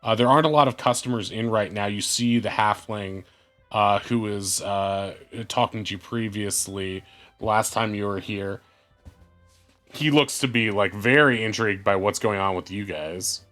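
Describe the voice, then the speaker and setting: A man's voice: lowish voice, normal speed, a bit bright. Game master man narrating a tabletop game, casual, faint music under. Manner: loose, filler-heavy narration.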